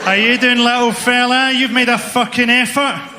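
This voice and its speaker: A man's voice: extremely high pitch, fairly even intonation, normal speed, background noise. A man doing stand-up crowd work in a comedy club, roasting the front row with sardonic insults. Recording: echoey club hall, roaring crowd laughter. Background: crowd laughter.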